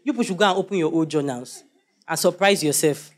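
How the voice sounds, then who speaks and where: A young man preaching a sermon, animated and joking as he quizzes the congregation. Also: on the high side, quick pace.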